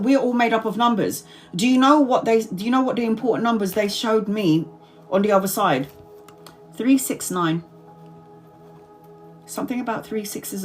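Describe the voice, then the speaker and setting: A woman in her forties, a tarot reader chatting casually to subscribers on a livestream, rambling, repeating herself and laughing often. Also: mid-range voice. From Brazil. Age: 40s.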